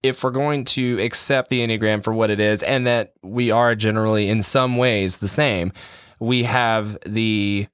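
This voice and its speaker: A man's voice: on the low side, fairly even intonation, a little slow, a bit bright, clean tone, no echo, clean studio sound. A man chatting on a podcast in a rambling, self-mocking way, often breaking into laughs. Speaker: podcast co-host. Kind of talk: casual podcast chat.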